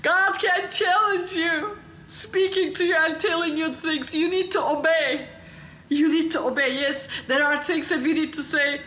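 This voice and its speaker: A woman preacher telling a testimony in a sermon, passionate, swinging from hushed tones to exclaiming and laughing through tears. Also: extremely high pitch, fairly even intonation, unhurried, echoey room, a little hiss or hum, poor audio.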